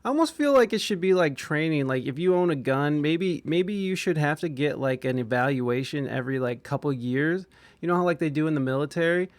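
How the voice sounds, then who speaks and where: Profane rambling man, higher voice. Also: animated, fairly quick, dry recording. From Ohio. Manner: profane, rambling, stammers and restarts. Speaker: podcast host. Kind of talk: casual podcast chat.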